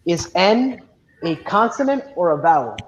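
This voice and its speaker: A man's voice: high voice, big pitch swings, normal speed, slight background noise. Patient male teacher, dull lo-fi sound. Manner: patient, questioning, mixes in Spanish. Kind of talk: online class lesson. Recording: dull lo-fi audio.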